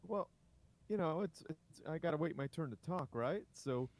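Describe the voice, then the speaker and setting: A man's voice: a little high, animated, normal speed, a little mellow, slight background noise. A man co-casting a live stream over an online call, talking in a rambling, enthusiastic way. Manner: rambling, enthusiastic, self-correcting. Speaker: co-caster. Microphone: home microphone over an online voice call.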